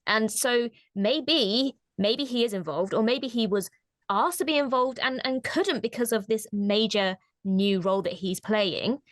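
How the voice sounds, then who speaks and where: A woman co-hosts a casual discussion in a fairly high voice, speaking a little slowly. She's thoughtful and hesitant and often restarts her sentences. The recording is dry and studio quality.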